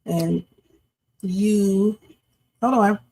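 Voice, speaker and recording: A woman's voice: medium pitch, fairly even intonation, extremely slow, mellow, a little hiss or hum, low-quality recording. A middle-aged woman hosting a reaction livestream, giving blunt, emphatic commentary straight to her chat.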